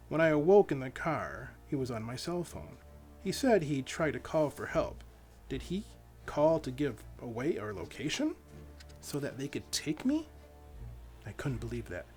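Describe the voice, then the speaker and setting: A male author reading his own novel in dramatic first-person narration. His voice sits somewhat high and moves lively up and down through each line. Faint music plays beneath. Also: moderate pace.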